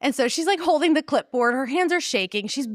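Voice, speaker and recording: A woman's voice: high-pitched, a little fast, dry recording, studio quality. Earnest woman retelling a story, laughing. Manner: warm, earnest, laughs often, animated retelling. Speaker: pregnancy center staff guest. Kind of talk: casual storytelling interview.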